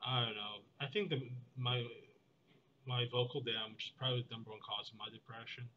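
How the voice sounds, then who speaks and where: A young man talking in a meandering, deadpan vlog monologue, full of fillers and restarts. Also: mid-range voice, a little fast, dull audio, a little hiss or hum. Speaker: vlogger. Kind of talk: rambling monologue.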